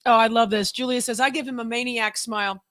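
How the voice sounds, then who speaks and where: A woman's voice: a little high, fast talker, no room sound, studio quality. A woman co-hosting a live podcast, reading out chat and telling stories with plenty of swearing. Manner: lively, profane storytelling, reads chat aloud. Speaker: podcast co-host. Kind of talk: casual live podcast banter.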